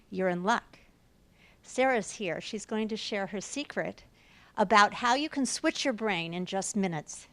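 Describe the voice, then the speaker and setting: A woman's voice: on the high side, a bit bright, dry recording. A woman hosting a university talk, reading a prepared introduction of the guest speaker with a few restarts. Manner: reads aloud, with occasional restarts. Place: university lecture room.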